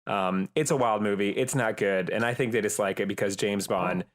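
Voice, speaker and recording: A man's voice: on the low side, a little fast. A young man co-hosting a podcast in casual chat, rambling with many fillers and restarts. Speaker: podcast co-host.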